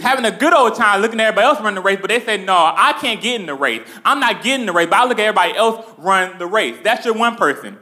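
A man's voice: sits high, bright, forceful tone. A young man preaching a sermon, earnest and repetitive, speaking directly to the congregation with frequent restarts.

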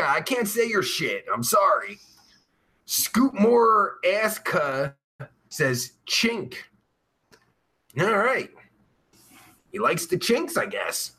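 A man's voice: high-pitched, vocal fry, sharp tone, slightly rough. A man hosting a live-streamed show, reading out viewer comments in rambling, heavily profane casual chat with crude jokes. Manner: jokey and crude. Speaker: podcast host.

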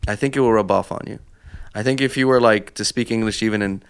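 A man's voice: on the low side, fast talker, smooth. A man co-hosting a podcast, explaining his views at length with examples in casual chat. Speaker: podcast co-host.

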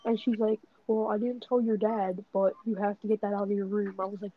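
A man's voice: sits high, flat delivery, a little fast, a little hiss or hum. A young man co-hosting a podcast, joking in crude, profane banter and cutting in on the others. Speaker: podcast co-host. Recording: dull lo-fi sound.

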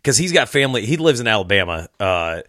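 A man's voice: fairly low pitch, very animated, fast talker, a bit bright, no echo, clean studio sound. A man from the American Midwest hosting a casual podcast chat, laid-back, swearing freely and laughing often. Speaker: podcast host.

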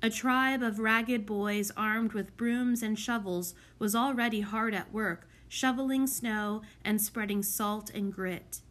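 A woman reading a children's novel aloud as an audiobook narrator, in an unhurried, clear storybook manner. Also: medium pitch, steady tone, a bit bright. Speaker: audiobook reader. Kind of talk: scripted narration.

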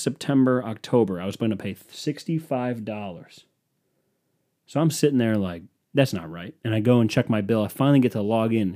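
A man's voice: lowish voice, mellow. A young man hosting a podcast, telling a profane, exasperated story in a casual solo rant. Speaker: podcast host.

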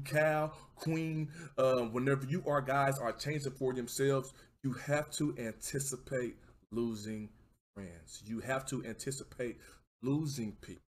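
A man hosting a livestream talk show, giving casual motivational talk, encouraging viewers and shouting them out by name. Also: medium pitch. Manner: encouraging, keeps asking "you know what I mean".

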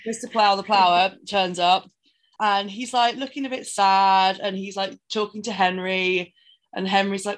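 A woman's voice: mid-range voice, steady tone, moderate pace. Chatty woman retelling a film. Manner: rambling, acts out characters' lines while retelling scenes. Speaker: podcast co-host. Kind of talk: casual film recap chat.

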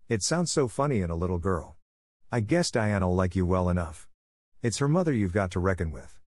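A man voicing a stern, brisk older spinster woman who talks in a curt, reproving way in a storybook reading. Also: low voice, a little mellow, dry recording, clean studio sound.

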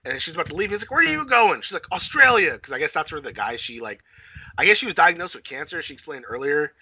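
A man chatting casually on a podcast, his voice lively and swooping with a bright, slightly husky edge. He rambles through a movie plot and jumps higher whenever he quotes someone. The sound is dull and lo-fi. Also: fast talker. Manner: rambling retelling, acts out character lines with raised pitch, swears. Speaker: podcast co-host. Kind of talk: casual movie recap chat.

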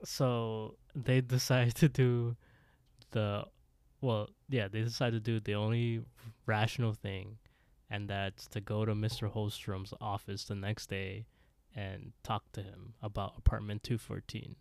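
A man's voice: on the low side, little pitch movement, unhurried, creaky, a little mellow, dry recording. A man co-hosting a podcast, casually recapping a TV episode, laughing often, swearing freely and briefly acting out the characters. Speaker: podcast co-host.

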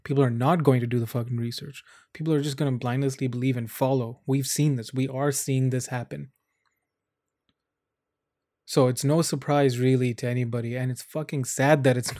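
A man's voice: mid-range voice, level tone, normal speed, a little mellow, no echo, studio quality. A young man giving blunt, angry commentary to camera, swearing often. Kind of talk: casual vlog commentary.

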